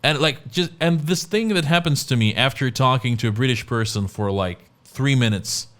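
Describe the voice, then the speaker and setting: A man's voice: mid-range voice, normal speed. A man, co-hosting a podcast in casual chat and acting out quoted voices as he tells stories. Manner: animated storytelling, acts out quoted voices. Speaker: podcast co-host.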